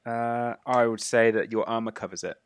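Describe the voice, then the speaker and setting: A man narrating a tabletop game as game master, describing the action in a casual way with quick asides. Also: mid-range voice, steady tone, clear, resonant tone, dry recording.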